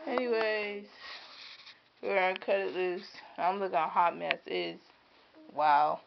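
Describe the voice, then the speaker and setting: A woman's voice: lowish voice, fairly even intonation, unhurried, creaky, noisy background. A mother chatting casually at home at night, coaxing her toddler in a sing-song voice. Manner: coaxing sing-song baby talk, laughing often. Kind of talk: casual home video chat. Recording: dull lo-fi home camera recording.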